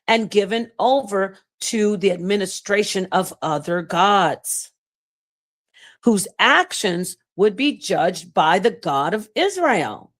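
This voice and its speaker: A woman hosting her own channel, teaching on scripture in a casual, emphatic way, reading passages aloud and talking straight to her viewers. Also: medium pitch. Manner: animated, emphatic, reads excerpts aloud and thanks viewers. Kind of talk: casual livestream-style teaching and commentary.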